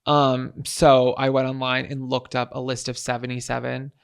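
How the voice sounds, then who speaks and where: A man's voice: mid-range voice, monotone, moderate pace, vocal fry, clear, resonant tone. A young adult man co-hosting a podcast, chatting playfully and casually with lots of fillers. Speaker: podcast co-host. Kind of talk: casual comedic chat.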